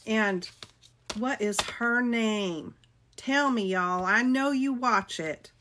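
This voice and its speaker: Slow, chatty woman. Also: on the high side, fairly bright tone, a little hiss or hum. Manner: chatty, gushing, talks to viewers by name. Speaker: crafting video host. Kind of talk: casual chat showing a craft haul.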